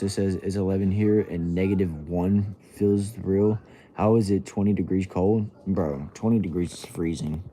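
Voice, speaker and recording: With a deep, warm voice, a young adult livestream host casually reads viewer comments at home, drawling in a laid-back way and using "bro" and "y'all." The recording carries a little hiss or hum, plus faint TV sound from another room.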